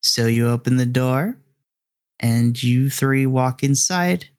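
A man narrating a tabletop game as game master, slow and deliberate as he sets scenes. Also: mid-range voice, darkish tone, no room sound, clean studio sound. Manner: drawn-out, deliberate narration with voiced characters.

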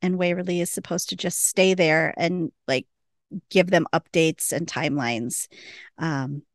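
A woman's voice: sits low, steady tone, a little slow, no room sound, clean studio sound. Chatty woman recapping a TV episode. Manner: chatty, laughs often, quotes characters. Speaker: podcast co-host.

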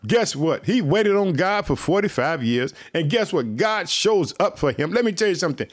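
High-voiced, fervent male preacher. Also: lively intonation, normal speed. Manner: repetitive, exhorting, keeps saying "let me tell you something"; speaks directly to listeners as family. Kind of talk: fervent online sermon.

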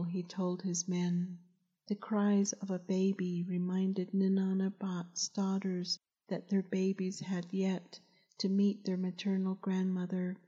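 Woman author, audiobook narration, gentle, slow pace, muffled lo-fi sound. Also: mid-range voice. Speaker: author reading her novel. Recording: dull lo-fi recording.

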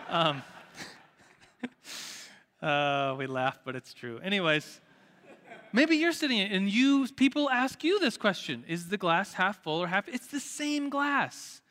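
A young man leads a casual church teaching in a high, bright voice. He talks in a loose, lively, conversational way, correcting himself often and using plenty of fillers. His voice rings on in a large hall. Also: measured pace, long pauses. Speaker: church teacher leading a group study. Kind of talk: informal sermon with table discussion. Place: room with tables full of listeners.

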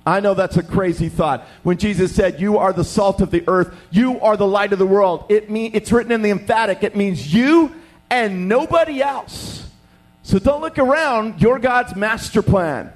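A young man preaching a sermon, telling stories with lively acted-out voices. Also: sits high. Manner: animated storytelling, acts out voices. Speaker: pastor.

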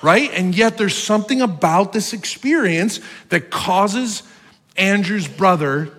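A high-voiced man with a New Jersey accent preaches in a long-echoing hall. His pitch leaps and dips as he tells the story. He acts out quotes with a lively, playful delivery. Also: unhurried. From North Jersey. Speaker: pastor. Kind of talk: sermon.

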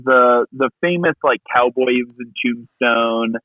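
A man co-hosting a podcast in casual chat, quick to jump in and correct the others. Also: medium pitch, no room sound. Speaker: podcast co-host. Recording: dry, tinny phone-like sound.

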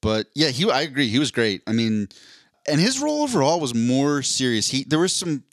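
A man's voice: medium pitch, sing-song, brisk, no echo, clean studio sound. A young man co-hosting a podcast, chatting eagerly about shows and actors. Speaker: podcast co-host. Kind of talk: casual chat.

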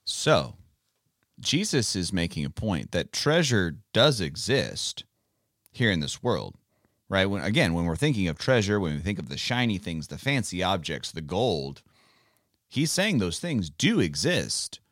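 A man's voice: low voice, very animated, a little slow, a bit bright, no echo, studio quality. A man hosting a casual Bible podcast for children, talking in a playful, teacherly way. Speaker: podcast host.

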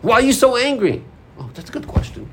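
A man's voice: very high-pitched, big pitch swings, brisk, slight background noise. A man teaching an informal Torah class, acting out inner voices and dialogues as he explains.

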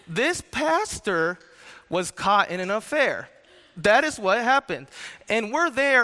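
A man's voice: high-pitched, sharp tone, smooth. A young man in his twenties giving a chatty, joking sermon, telling stories with many fillers. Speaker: youth speaker. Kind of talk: casual sermon with storytelling. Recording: reverberant hall.

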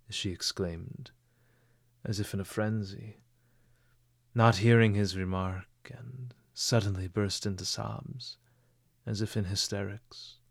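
Male audiobook narrator, measured expressive reading, very slow, dry close sound. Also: fairly low pitch, gravelly, no room sound.

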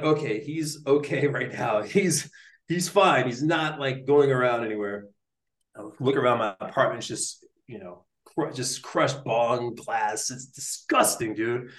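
A young man tells a story in a roomy space, his voice swinging up and down a lot. He is loose and slangy, with constant likes and dudes. His pitch sits in the middle. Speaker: neuroscientist guest. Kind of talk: casual storytelling in a podcast interview. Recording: roomy echo.

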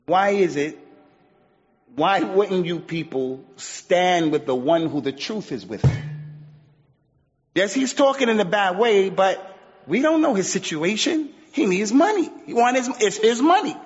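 A man with a high-pitched voice delivers a sermon, hammering his points with emphatic repetition and Arabic phrases. His voice rings with a long hall reverb, and the recording is muffled. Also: animated, a little slow. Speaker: preacher.

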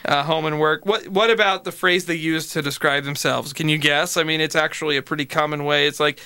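A man's voice: fairly high pitch, steady tone, fairly quick, sharp tone, smooth, no echo. A man hosting a casual, jokey podcast chat, reading out stats and breaking into silly voices. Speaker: podcast host.

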